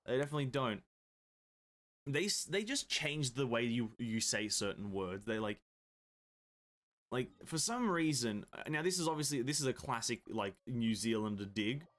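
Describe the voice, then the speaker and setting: A man's voice: medium pitch, expressive, moderate pace, fairly bright tone. An Australian man streaming a game, chatting casually into a desk mic, rambling and restarting sentences with the odd offhand swear. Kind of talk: casual chat while gaming.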